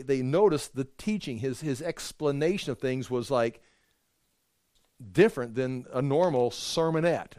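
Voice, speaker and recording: A man preaching as a pastor, explaining scripture in a conversational, animated way with frequent restarts. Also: medium pitch, clean tone, no echo, studio quality. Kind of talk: Bible study sermon.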